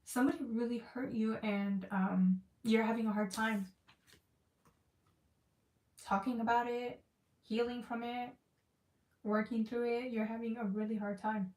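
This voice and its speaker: A woman's voice: fairly high pitch, little pitch movement, a little slow, pauses often, darkish tone, recorded from a distance. A woman giving a casual tarot reading, talking emotionally and repeating herself as she searches for words. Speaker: tarot reader. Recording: echoey room, voice off-mic.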